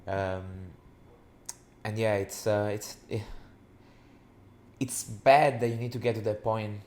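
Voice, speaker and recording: A man co-hosting a podcast, speaking reflectively with many pauses and fillers. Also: on the low side, fairly even intonation, a little mellow. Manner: hesitant, lots of fillers, reflective. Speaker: podcast co-host, men's coach. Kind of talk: casual chat.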